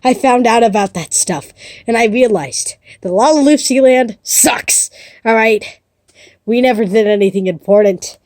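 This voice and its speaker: A woman voicing a despairing doll girl who turns into a cold killer, speaking flatly and bitterly, in a casual story pitch. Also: a little slow, no echo, studio quality, natural voice.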